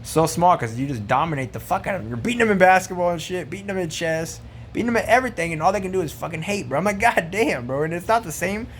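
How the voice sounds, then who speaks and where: A man's voice: sits high, expressive, fast, slight background noise. A man ranting casually to camera, rambling and profane, full of slang and fillers. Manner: rambling, profane, slangy, says bro a lot. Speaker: vlogger.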